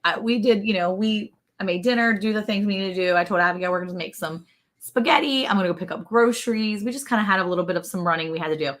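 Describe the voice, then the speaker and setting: A woman in her forties with a Southern US accent, co-hosting a casual livestream, telling an animated story and greeting viewers by name. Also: medium pitch, quick pace. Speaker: livestream co-host.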